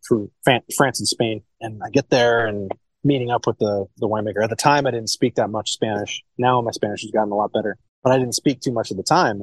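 A man's voice: mid-range voice, breathy edge, no room sound, poor audio. A man in his thirties from Ohio, a sommelier talking in a loose, rambling way in a podcast interview, often swearing and repeating words. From Cincinnati, Ohio. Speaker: sommelier and wine shop owner.

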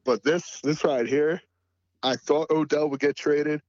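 A man's voice: fairly high pitch, fairly even intonation, a little slow, a little mellow, no echo, muffled recording. A man as a podcast guest in casual sports chat, laid-back and full of "you know" fillers.

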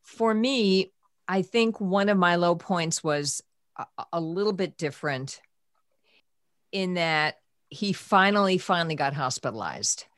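A middle-aged woman hosting a podcast, telling a personal story in an emotional, soft-spoken way that sometimes drops to a whisper. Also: on the low side, expressive, measured pace, no room sound, studio quality. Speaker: podcast host.

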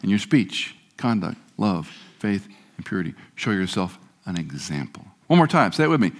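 Low-voiced man preaching with dry humor. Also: big pitch swings, moderate pace. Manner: humorous, leads congregation in repeated recitation. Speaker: guest preacher. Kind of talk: sermon.

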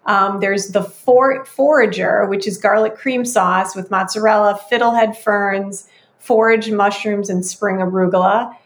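Woman co-host listing a menu. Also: mid-range voice. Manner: friendly, lists menu items with ums. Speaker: food news co-host. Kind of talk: casual chat.

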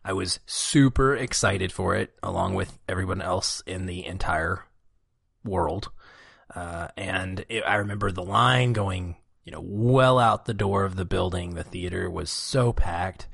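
A low-pitched man with a gravelly, creaky edge to his voice, chatting as a podcast co-host. He talks in a relaxed, reflective way, close to the mic in a dry, dead room. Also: measured pace, no room sound. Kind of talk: casual podcast chat.

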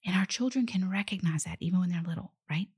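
A woman's voice: fairly low pitch, fast, a little mellow, husky. A middle-aged woman and mother giving a conversational devotional Bible lesson, often dropping to an emphatic whisper. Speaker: mother teaching faith to children.

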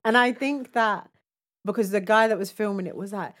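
A woman's voice: mid-range voice, moderate pace. A young woman co-hosting a casual podcast, reading news aloud and adding wry, laughing asides. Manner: animated, laughs often, comments wryly on what she reads. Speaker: podcast co-host.

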